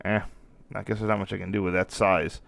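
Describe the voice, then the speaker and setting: A man's voice: on the low side, flat delivery, brisk, gravelly, fairly bright tone. A man hosting a live stream in casual commentary, rambling and breaking off mid-thought, apologizing now and then, a little worn in the voice. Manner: rambling, self-interrupting, apologetic. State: losing his voice.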